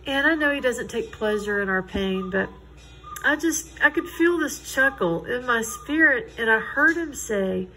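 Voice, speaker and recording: A woman's voice: fairly high pitch, lively intonation, a little slow, sharp tone, poor audio. Earnest woman telling a faith testimony. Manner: earnest, conversational, quotes others in dialogue. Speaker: Christian testimony speaker. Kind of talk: personal testimony storytelling.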